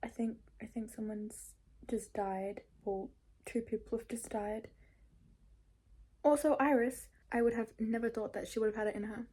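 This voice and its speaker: A woman's voice: on the high side, steady tone, moderate pace, mellow, slightly rough. Gushing young woman book vlogger. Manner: chatty, gushing, lots of fillers and whispered asides. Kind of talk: casual reading vlog chat.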